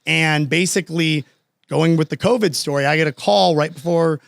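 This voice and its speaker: A man's voice: a little high, normal speed, gravelly, dry recording, studio quality. A man telling a story as a podcast guest, casual and slangy, acting out both sides of conversations.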